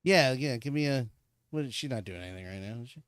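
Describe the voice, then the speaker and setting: A man co-hosting a casual podcast, chatting excitedly and swearing as he rants about shows. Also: medium pitch, quick pace, clear, resonant tone, dry recording, studio quality. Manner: excitable, profane ranting with frequent laughs. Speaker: podcast co-host. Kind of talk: casual chat.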